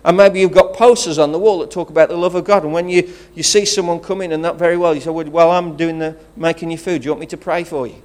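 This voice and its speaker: A man's voice: fairly high pitch, fairly even intonation, quick pace, hardly any pauses, darkish tone. A man with a regional English accent, preaching a sermon as pastor, rousing and conversational, with calls of praise. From England.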